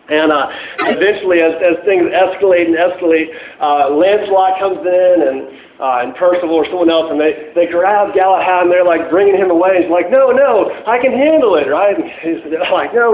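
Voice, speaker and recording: A man preaching a casual, conversational sermon, full of fillers and restarts, joking as he goes. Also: on the high side. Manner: casual, chatty, many fillers and restarts, laughs at own jokes. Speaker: pastor. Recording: echoey room on tinny phone-like line.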